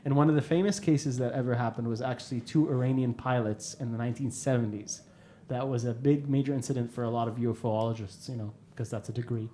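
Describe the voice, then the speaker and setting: A man's voice: mid-range voice, fairly even intonation, fast, warm tone, slight background noise. A man hosting a podcast in casual chat, talking into a studio microphone, swearing freely and laughing often. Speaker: podcast host. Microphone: studio microphone with headphones.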